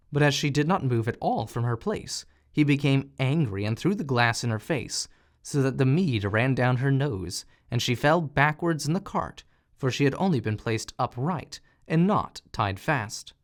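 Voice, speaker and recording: A man narrating a fairy tale audiobook in an expressive, animated reading style. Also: mid-range voice. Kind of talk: storybook narration.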